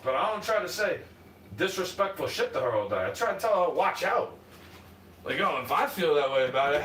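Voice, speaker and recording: A man's voice: high voice, recorded from a distance, a little hiss or hum. A man with a New York accent, ranting and swearing on a livestream in a combative monologue. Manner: combative, swearing, jumps between muttering and shouting. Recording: roomy, off-mic, faint ambience.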